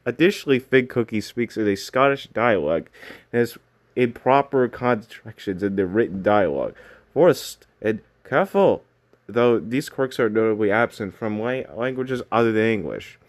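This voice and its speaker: A man's voice: lowish voice, moderate pace. A man giving casual commentary on game character designs, rambling with frequent restarts and self-corrections. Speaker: video commentator.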